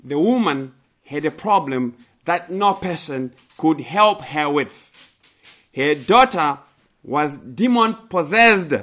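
A man delivers a sermon in a bright, slightly high voice. He takes his time, repeats key phrases for emphasis and lifts his voice sharply when he acts out a plea. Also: animated, takes it slowly. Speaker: preacher. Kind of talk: sermon with scripture reading.

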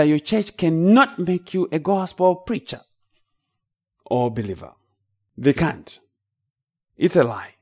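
Zimbabwean man preaching with lively pitch. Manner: emphatic preaching, rising to loud declarations. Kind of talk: sermon.

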